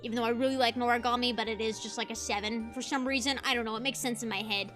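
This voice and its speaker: A woman's voice: a little high, steady tone, quick pace, fairly bright tone, soft background music. A young woman streaming as a VTuber, ranting passionately in casual commentary and laughing easily.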